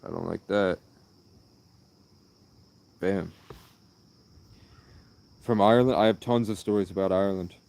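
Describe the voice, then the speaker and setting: A man's voice: low-pitched, unhurried, creaky, long pauses, a little mellow. A man livestreaming, telling long meandering stories in an earnest, rambling way. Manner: meandering, earnest, jumps between anecdotes. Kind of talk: rambling storytelling.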